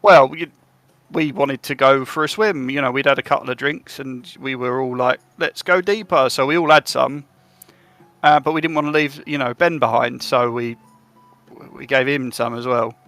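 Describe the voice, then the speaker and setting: A man voicing an eager, breathless young male worker who stammers with excitement in a tabletop game. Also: mid-range voice, normal speed, dry recording, close to an everyday voice.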